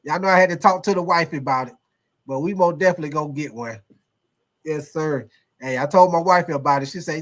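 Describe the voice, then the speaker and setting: A man's voice: fairly high pitch, a little fast, fairly bright tone. Laid-back man hosting a sports stream. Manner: loose, repetitive, swears and laughs often. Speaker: livestream sports show host reading chat. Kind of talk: casual chat.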